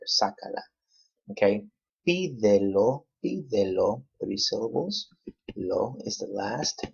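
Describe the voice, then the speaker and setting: Man, spanish teacher, deep voice, husky, patient classroom explanation. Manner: patient, repeats words slowly for emphasis. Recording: dull lo-fi recording.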